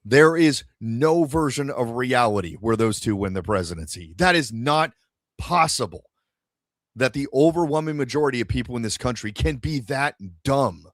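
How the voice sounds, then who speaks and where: A man's voice: medium pitch, lively intonation, normal speed, dry recording. A man hosting a casual podcast chat, ranting in a profane, exasperated way. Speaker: podcast host.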